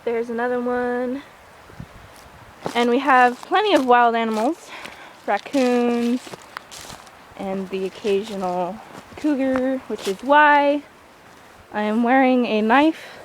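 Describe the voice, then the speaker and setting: A woman's voice: fairly high pitch, steady tone, rough recording. A teenage girl vlogging as she walks through a forest outdoors, chatty and self-mocking, with jokey asides, filmed on a handheld device. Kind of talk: walking tour vlog. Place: small forest by a creek, outdoors on a windy day. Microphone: handheld iPod camera. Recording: wind noise and a rushing creek.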